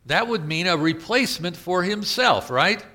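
A man's voice: sits high, animated, normal speed, bright, forceful tone. A man with a Southern US accent preaching a sermon, retelling scripture in a plain conversational way and asking his listeners questions. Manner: paraphrasing scripture in conversational asides.

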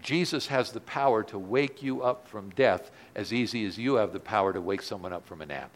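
A man's voice: fairly low pitch, a little fast. Man preaching with rising fervor. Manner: animated preaching, dropping soft then swelling loud. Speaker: pastor. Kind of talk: sermon.

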